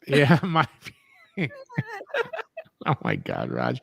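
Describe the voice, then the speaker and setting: A man with a fairly low, ordinary voice, joking around and teasing in loose, playful chat. He talks over a video call, and the sound is dry with no room echo. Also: huge pitch swings, extremely slow, vocal fry, pauses often, husky. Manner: jokey, teasing, puts on funny voices. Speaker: co-host.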